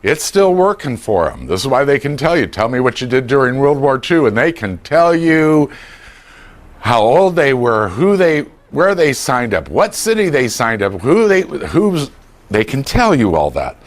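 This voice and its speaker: A man's voice: medium pitch, a little slow. An older man giving a humorous talk on dementia care to a class, joking and acting out voices of family members. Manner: animated, jokey, acts out voices.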